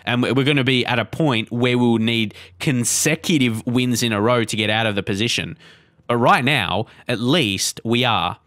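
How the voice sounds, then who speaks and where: A young man commentating his live football management game, chatty and easily frustrated, swearing and shouting at mistakes. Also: mid-range voice, normal speed, dry recording, studio quality. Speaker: gaming channel host. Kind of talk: live let's play commentary.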